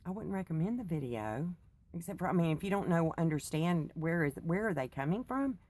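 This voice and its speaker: Speaking a little fast in a lowish, animated voice with a darkish tone, a middle-aged woman wanders through a rambling personal talk. The faith vlogger is buzzing on coffee after a short night, chatty and digressive, often breaking into laughter.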